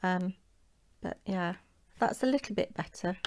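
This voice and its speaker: Woman host, lowish voice, casual self-chatting craft tutorial. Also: unhurried, a little mellow. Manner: chatty, talks to herself while working.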